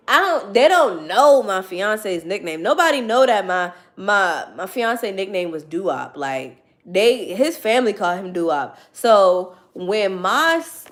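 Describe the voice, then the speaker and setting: Emphatic tarot-reading woman, slightly high voice. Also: a bit bright. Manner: emphatic, repetitive, preachy pep talk with cursing. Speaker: tarot reader. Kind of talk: casual tarot reading to camera.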